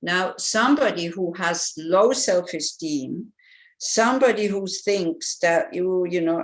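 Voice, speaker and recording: A Buddhist nun giving an informal teaching in a relaxed, conversational way, wandering into stories. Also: female voice, fairly low pitch, slow. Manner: relaxed, conversational, digressive with anecdotes and fillers.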